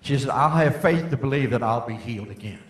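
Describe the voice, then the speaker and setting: An older man giving a folksy testimony sermon, rising to fervent shouts. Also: mid-range voice, lively intonation, fast talker. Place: church meeting hall. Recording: echoey hall.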